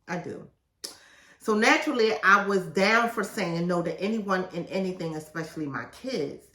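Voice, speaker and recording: A bright, forceful woman's voice, assertive and animated, reading passages from her book aloud and dropping casual asides in between. She sits a little back from the mic, and the room gives her voice a roomy echo. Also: fairly low pitch, moderate pace, recorded from a distance. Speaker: podcast host and author.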